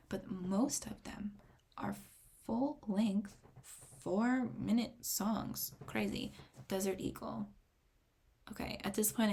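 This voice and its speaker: A young woman with a gravelly, fry-laced voice talks through her first reactions to an album, excitable and rambling. She keeps slipping into whispers as she reads her notes aloud, then bursts back up in delight. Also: medium pitch, a little hiss or hum. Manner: excitable, rambling, often drops to a whisper while reading notes. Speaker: music reaction vlogger. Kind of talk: casual reaction commentary.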